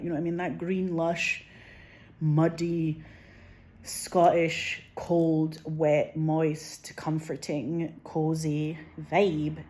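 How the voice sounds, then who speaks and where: A woman's voice: low-pitched, little pitch movement, a little slow, dark tone. A woman in her forties talking to camera in a loose, rambling monologue, swearing freely and filling her sentences with "like.". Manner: rambling and profane, heavy use of "like". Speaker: vlogger.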